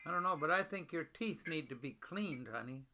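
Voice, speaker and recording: An older man talking tenderly to his wife over a video call, gentle and affectionate, often repeating pet names. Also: on the high side, lively intonation, fairly quick, slight background noise.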